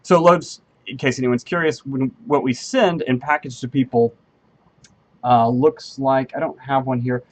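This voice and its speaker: A man chatting casually on a live stream as he codes at his desk, voice in a plain middle register. He thinks out loud and trails off mid-sentence, filling gaps with ums. His tone is friendly and self-deprecating as he answers viewers. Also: mid-range voice, steady tone, normal speed. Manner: thinks aloud, rambling with many ums and half-finished sentences. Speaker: game engineer streaming live coding. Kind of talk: casual live-stream chat while programming.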